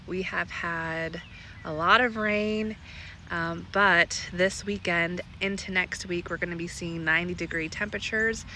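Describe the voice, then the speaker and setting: A garden vlogger in her thirties, heavily pregnant and short of breath, chats about her garden from a lounge chair out in the backyard. She sounds relaxed and chatty with light laughs, her voice medium-pitched, and there's a little hiss or hum.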